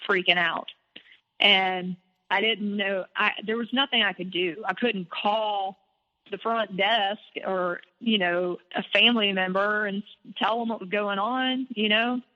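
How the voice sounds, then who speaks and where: A woman guest telling a personal story in an animated, candid way, with some swearing. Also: medium pitch. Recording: dull lo-fi audio with long reverb.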